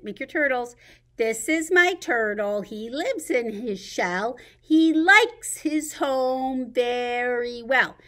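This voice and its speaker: Sing-song librarian reading to babies. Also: female voice, fairly high pitch. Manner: animated sing-song read-aloud. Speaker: children's librarian. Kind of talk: reading picture books and rhymes to babies.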